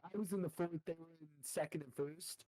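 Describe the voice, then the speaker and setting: A young man tells a story casually on a podcast, stopping and restarting often. His voice is a little high and mellow, and it is recorded on a dry close mic. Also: no echo, rough recording. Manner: halting, filler-heavy, casual and profane. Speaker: podcast co-host.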